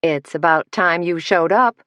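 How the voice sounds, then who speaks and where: A woman's voice: lowish voice, unhurried, a bit bright, no echo. A woman narrator voicing a flamboyant, gossipy male hair stylist with a theatrical manner. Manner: theatrical, shrieking.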